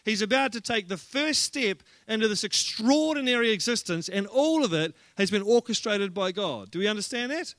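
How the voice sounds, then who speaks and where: A male pastor delivering a lively sermon, telling stories with humour and plenty of energy. His voice sits high and sounds bright and forceful. The recording is dry and close, with no audible room sound. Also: moderate pace, hardly any pauses, no room sound. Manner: energetic, humorous storytelling.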